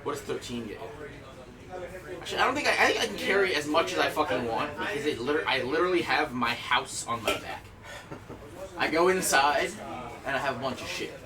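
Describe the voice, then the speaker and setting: A man's voice: a little high, expressive. A man chatting casually at a tabletop game session, eager and stumbling over his words. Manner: enthusiastic, halting restarts. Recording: distant mic, background chatter.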